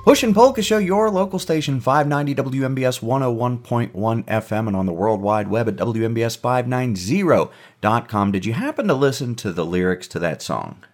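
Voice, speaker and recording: A man co-hosting a radio music show, joking and teasing in casual banter, with a gravelly voice. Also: mid-range voice, animated, brisk. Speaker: radio co-host.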